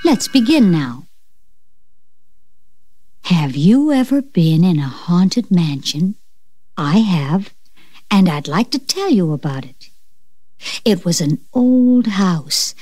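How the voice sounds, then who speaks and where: A woman reads a children's storybook aloud at a slow, careful pace. Her voice is mellow, and her pitch rises and falls a lot. The sound is dry and close, and she drops to a whisper for the spooky parts. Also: very animated, dry recording. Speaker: story reader. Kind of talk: children's storybook record narration.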